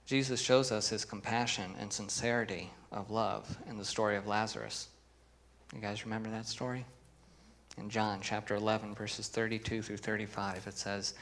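A man's voice: fairly low pitch, little pitch movement, normal speed, a bit bright. A man preaching a sermon as pastor, earnest, reading scripture with emphasis and putting questions to the congregation.

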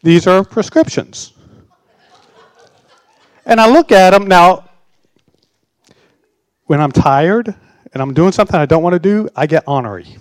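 A man's voice: high voice, animated, normal speed, long pauses, no echo. A man in his sixties preaching a sermon, telling a personal story in a wry, sarcastic way. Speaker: pastor.

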